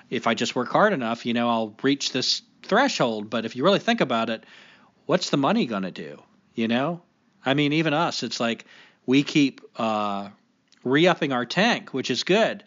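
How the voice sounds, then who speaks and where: A man's voice: mid-range voice, fairly bright tone. Male podcast host, sick with a cold, rambling and casual. Lo-fi sound. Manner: rambling, many fillers and likes. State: has a cold. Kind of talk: casual chat. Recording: dull lo-fi recording.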